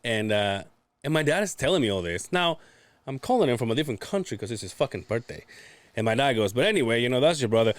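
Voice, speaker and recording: A man's voice: medium pitch, expressive, quick pace, no echo. A man telling profane family stories in a casual podcast chat, acting out the people he quotes. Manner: profane storytelling, acts out quotes. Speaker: podcast guest.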